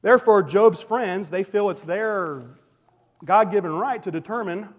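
A male pastor preaching a sermon in a church, emphatic and swinging between loud declarations and hushed, quiet lines. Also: sits high, a little slow. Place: church sanctuary. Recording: long hall reverb.

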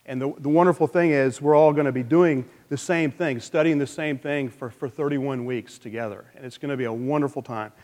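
A man preaching a conversational sermon to his congregation in a church. He speaks informally, halting and repeating words as he goes, from announcements into teaching and prayer. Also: mid-range voice, a little mellow. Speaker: pastor. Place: church sanctuary. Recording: long hall reverb in a large church.

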